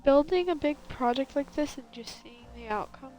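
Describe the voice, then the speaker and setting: A woman's voice: sits high, normal speed, darkish tone, soft background music, rough recording. A young woman streaming a building game, chatting casually and rambling with lots of fillers in a valley girl lilt. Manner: rambling, filler-heavy, self-correcting. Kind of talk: casual chat while gaming.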